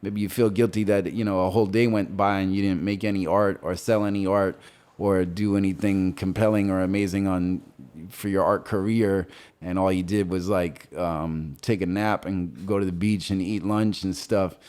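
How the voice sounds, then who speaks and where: A man's voice: deep voice, steady tone, moderate pace, a little mellow, clean tone. A man being interviewed on a casual podcast as a visual artist, talking loosely and rambling through his thoughts. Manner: rambling, loose, with frequent fillers and restarts.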